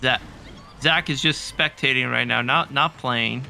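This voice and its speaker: A man's voice: medium pitch, measured pace, vocal fry, pushed and bright, a little hiss or hum. A man from California giving casual, joking play-by-play commentary for an online race broadcast.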